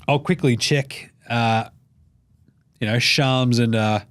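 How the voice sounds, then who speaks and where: A man's voice: mid-range voice, steady tone, slow pace, fairly bright tone, smooth. A man hosting a podcast in casual sports talk, joking, swearing, and slipping into mock voices. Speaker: podcast host.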